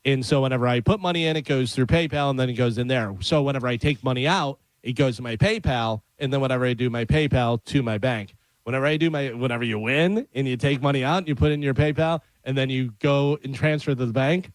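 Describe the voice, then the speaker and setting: A middle-aged man chats on a radio show and tells stories, switching into the voices of the people in them. His voice sits at an ordinary pitch and sounds dry and close to the studio mic. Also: fast talker, dry recording, poor audio. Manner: storyteller acting out quoted voices. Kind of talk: casual chat, telling anecdotes.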